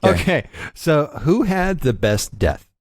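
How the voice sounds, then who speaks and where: A man's voice: fairly high pitch, very animated, slow pace, dry recording, studio quality. A man hosting casual movie talk, asking quiz-style questions and stammering as he jumps in.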